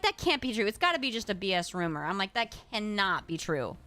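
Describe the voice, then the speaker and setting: Bright, playful woman streamer. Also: medium pitch, expressive, a little fast. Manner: playful, hums and scats to herself, drifts into Spanish and German. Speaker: streamer playing a video game. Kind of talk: casual gameplay chat.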